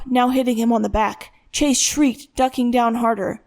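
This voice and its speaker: A woman narrating a dramatic thriller audiobook in a steady storytelling voice. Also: on the high side, a little slow, few pauses.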